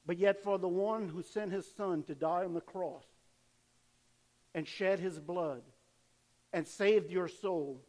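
Casting: older male pastor, high-pitched, animated sermon, church hall echo. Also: takes it slowly, pauses often. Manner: animated preaching, acts out cheering fans.

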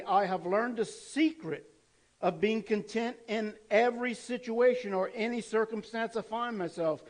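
A man with a notably high voice delivers a sermon. He talks to his listeners in an earnest, conversational way and keeps posing rhetorical questions. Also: moderate pace, low-quality recording. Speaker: pastor.

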